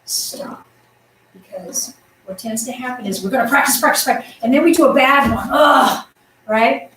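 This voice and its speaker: Upbeat female tai chi teacher, fairly high voice, projecting, heard from across an echoey room. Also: moderate pace, recorded from a distance, slight background noise. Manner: upbeat, encouraging, counts out moves; projecting her voice loudly. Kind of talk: guiding an exercise class. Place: exercise room indoors.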